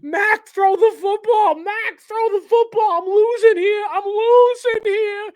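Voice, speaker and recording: A man putting on a frantic male lineman's voice with a New York accent, yelling in panic. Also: extremely high pitch, steady tone, slow pace, voice pushed up. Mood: panicked.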